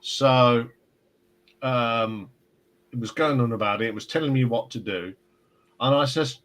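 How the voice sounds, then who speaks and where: A man's voice: mid-range voice, a little slow, pauses often, a bit bright, poor audio. A man hosting a casual live stream, chatting and telling rambling stories. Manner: rambling, chatty storyteller with restarts. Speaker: livestream host.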